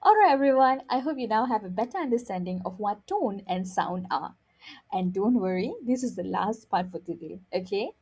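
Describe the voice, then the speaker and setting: A woman's voice: mid-range voice, animated, normal speed, darkish tone, husky. A woman teaching a language lesson, patiently demonstrating sounds and often checking in with "okay?". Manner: demonstrates sounds by drilling syllables aloud.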